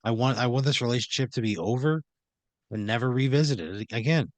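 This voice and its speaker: A man's voice: medium pitch, a little fast, no room sound. A man playing along in an improvised comedy game, answering with exasperated, profane retorts. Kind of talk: casual improv banter.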